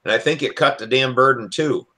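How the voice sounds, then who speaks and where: A man's voice: mid-range voice, fairly quick, sharp tone. A plain-spoken man from Michigan with a mid-range voice, talking on a video call. He chats casually and keeps asking the others questions. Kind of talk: casual chat, swapping stories.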